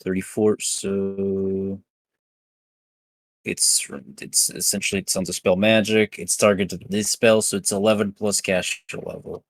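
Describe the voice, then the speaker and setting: A man's voice: low-pitched, little pitch movement, a little slow, no room sound. A man playing a tabletop game, talking through the rules at length. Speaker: player.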